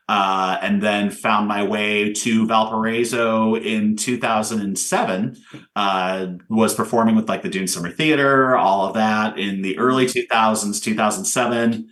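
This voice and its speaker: A man's voice: lowish voice, a bit bright. A man from Indiana, a theater director, talking casually about his career as an interview guest, rambling with many fillers.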